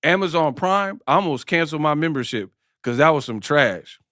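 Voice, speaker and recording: A male live-stream host who talks in slang with lively, swinging intonation and keeps up a running stream of jokes. His voice is bright and slightly raised in pitch, recorded close and dry. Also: normal speed, no room sound. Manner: slangy and joking, breaks into impressions. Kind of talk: live-stream sports talk.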